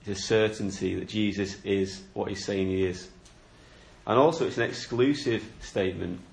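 A man's voice: fairly low pitch, steady tone, moderate pace, gravelly. A man preaching a sermon, explaining a Bible passage in an earnest, questioning way. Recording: echoey room.

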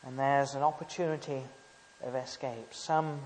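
A man preaching a sermon, emphatic and halting, often asking rhetorical tag questions. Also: medium pitch, fairly even intonation, a little mellow, long reverb tail, slight background noise.

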